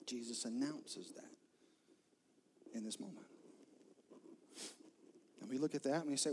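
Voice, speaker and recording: A man's voice: medium pitch, measured pace, pauses often, a little hiss or hum. Dramatic male pastor preaching a sermon. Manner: dramatic swings from loud emphasis to soft near-whispers; retells scripture in vivid storytelling.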